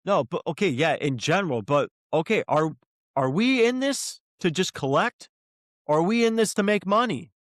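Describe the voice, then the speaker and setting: Man co-host, higher-pitched voice, close dry mic, ranting and cursing in a heated podcast argument. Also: animated, normal speed, a bit bright, no room sound. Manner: worked up, ranting, swears often. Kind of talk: heated casual podcast discussion.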